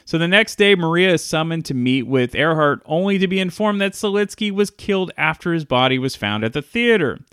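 A man's voice: fairly high pitch, expressive, brisk, few pauses, a bit bright, clean tone, dry recording, clean studio sound. Chatty man reviewing old films. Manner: enthusiastic, chatty retelling. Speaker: movie reviewer. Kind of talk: casual video review.

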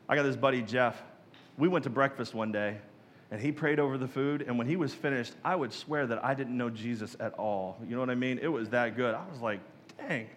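A man's voice: medium pitch, a bit bright, in a large hall, slight background noise. A man preaching a sermon as a pastor, casual and joking, who acts out other people's prayers in mock voices.

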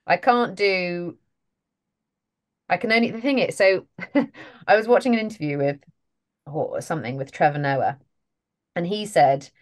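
A woman's voice: fairly low pitch, unhurried, pauses often. A British woman, an actress, chatting casually and self-deprecatingly in an interview. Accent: British English. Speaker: voice and mocap actor guest.

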